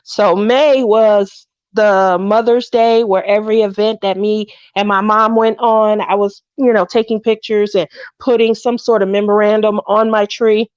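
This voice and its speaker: A woman's voice: medium pitch, little pitch movement, unhurried, clean tone, dry recording, highs cut off. A middle-aged woman casually chatting on her craft livestream, greeting viewers by name and laughing often.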